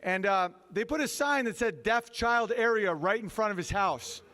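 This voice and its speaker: A male comedian with a very high speaking voice works through a stand-up set. He rambles, mocks and swears freely. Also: expressive, normal speed, sharp tone, a little hiss or hum. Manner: profane, rambling, mocking.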